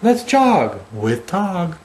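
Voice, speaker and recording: Slow, gentle father reading aloud. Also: high-pitched, huge pitch swings. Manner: gentle, slow, affectionate storytelling. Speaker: father reading to his baby. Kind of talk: bedtime story reading.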